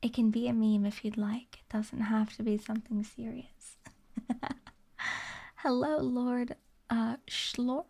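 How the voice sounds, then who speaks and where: A woman streamer chatting in a soft, half-whispered ASMR voice, giggling often and sounding sleepy. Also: a little high, steady tone, takes it slowly. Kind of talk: soft-spoken ASMR chat. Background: rain ambience.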